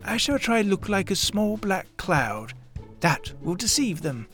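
A gentle, simple-minded teddy bear, as a man voices him in a storybook reading, thinking aloud in a slow, earnest way. His voice is higher than a grown man's usual speech and rises and falls with a wide, lively lilt. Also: soft background music, exaggerated voice.

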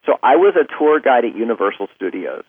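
A male voice actor, a guest on a show, telling lively anecdotes and acting out quotes, heard over a phone line. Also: mid-range voice, fast talker, no echo. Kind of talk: casual storytelling on a call-in interview.

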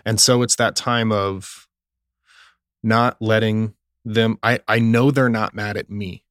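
A man's voice: lowish voice, steady tone, takes it slowly, fairly bright tone, dry recording, clean studio sound. A young adult man, a police officer, earnestly telling stories from his work in an interview and quoting what people said. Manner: earnest, retells scenes with quoted dialogue. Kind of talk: conversational interview storytelling.

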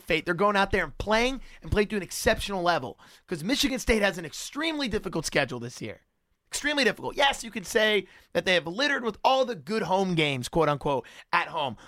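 A man with a high, bright, forceful voice hosts a sports debate, ranting and hammering his points with sarcasm. The sound is dry and close. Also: dry recording.

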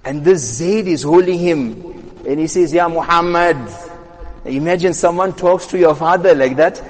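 A man giving a sermon as an Islamic scholar, retelling a story with animated delivery and short recited Arabic passages. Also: a little high, normal speed, in a large hall. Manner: animated retelling that acts out quoted speech.

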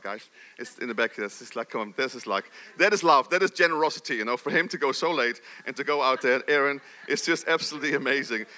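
A middle-aged man preaching a sermon in a church, animated, swinging between loud emphasis and soft, low asides. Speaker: pastor.

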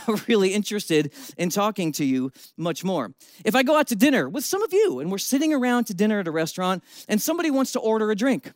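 High-voiced male pastor, animated storyteller in the pulpit, dry close sound. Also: no room sound. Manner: lively storytelling preacher with shifting emphasis. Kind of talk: sermon.

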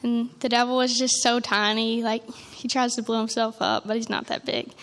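A young woman telling an emotional church testimony, earnest and halting, with frequent restarts. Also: a little high, flat delivery, a bit bright. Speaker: testimony speaker.

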